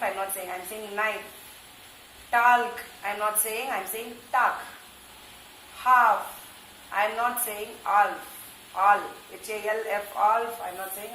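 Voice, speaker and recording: Woman, Indian English accent, English teacher, slow emphatic word drills, roomy echo. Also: medium pitch, a bit bright. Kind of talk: recorded online class lesson. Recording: echoey room with faint noise.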